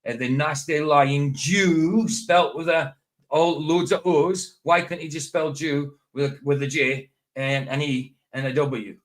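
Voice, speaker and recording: A man's voice: fairly high pitch, steady tone, unhurried, low-quality recording. A man hosting a casual livestream chat, rambling, often laughing and breaking off mid-sentence. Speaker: livestream host. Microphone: streaming setup.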